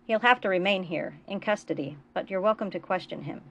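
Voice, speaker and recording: A woman voicing a brisk, businesslike security officer. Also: lowish voice, vocal fry, a bit bright, slight background noise.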